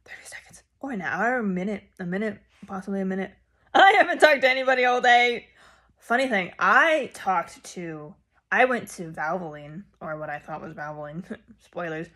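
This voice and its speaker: A young woman vlogger telling a rambling story casually to a phone camera. She jumps in volume and pitch when she quotes herself. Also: normal speed. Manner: animated and rambling, with sudden loud jumps when quoting herself.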